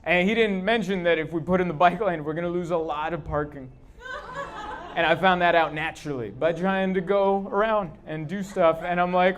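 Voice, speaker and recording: High-voiced man doing stand-up. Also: moderate pace. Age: 30s. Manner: deadpan storytelling with acted-out quotes, sudden loud bursts. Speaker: stand-up comedian. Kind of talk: stand-up comedy set. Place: comedy club stage. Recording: live club recording with audible background noise.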